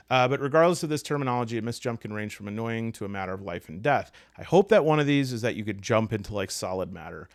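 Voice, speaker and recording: A man's voice: fairly low pitch, expressive, fast, creaky, dry recording, studio quality. A man with a Midwestern accent walking through tabletop game rules on his own, thinking aloud and cracking jokes. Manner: rambling, joking asides, thinking aloud. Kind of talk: solo tabletop rules walkthrough.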